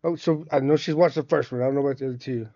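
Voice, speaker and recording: A man co-hosting a casual podcast chat, quick and halting, restarting his sentences often. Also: mid-range voice, steady tone, warm tone, no echo, lo-fi sound. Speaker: podcast co-host.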